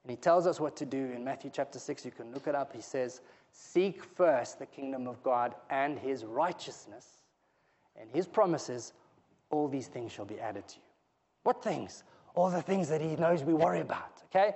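A man preaching a sermon in a church hall, emphatic and rising to loud pleading peaks. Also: medium pitch, animated, moderate pace, highs cut off. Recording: reverberant hall.

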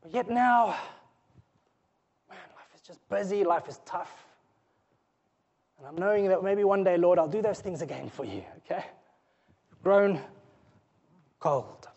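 A man preaching a sermon in a church, earnest and pleading, his voice often dropping low and soft before rising again. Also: animated, measured pace, creaky, pauses often, dull audio. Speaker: pastor.

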